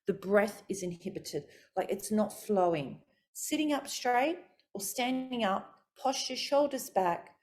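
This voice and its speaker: A middle-aged woman vocal coach teaching a workshop, talking through voice warm-ups with expressive, demonstrative delivery. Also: measured pace. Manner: expressive, demonstrates pitch and articulation.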